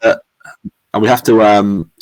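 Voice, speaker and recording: Young man, podcast co-host, low voice, dry close sound, excitable, sweary. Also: a little slow, no echo, rough recording. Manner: excitable, swears a lot, says "mate" constantly. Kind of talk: casual chat.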